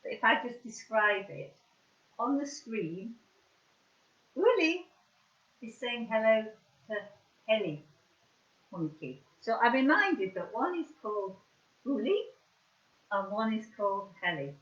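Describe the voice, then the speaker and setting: A woman's voice: a little high, sing-song, slow, long pauses, a bit bright, lo-fi sound. A woman hosting an online craft session, chatting casually and rambling through her demonstration. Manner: chatty, rambling, often restarts. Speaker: craft workshop host. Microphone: video call webcam.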